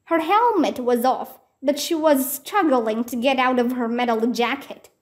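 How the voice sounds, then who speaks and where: Woman, Vietnamese native speaker, high voice, children's read-aloud. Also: unhurried. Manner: acts out character lines with raised pitch. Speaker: reader.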